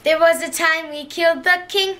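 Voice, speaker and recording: A woman's voice: very high-pitched, fairly even intonation, moderate pace, fairly bright tone. A woman singing as a cheeky young male street urchin in a Cockney accent, with brash, swaggering musical-theatre patter. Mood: defiant.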